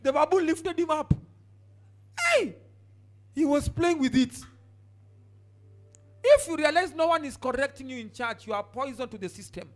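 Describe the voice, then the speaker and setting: There's slight background noise as a very high-pitched pastor preaches at a moderate pace. He leaps from shouting to quiet asides and asks the congregation to turn to their neighbors.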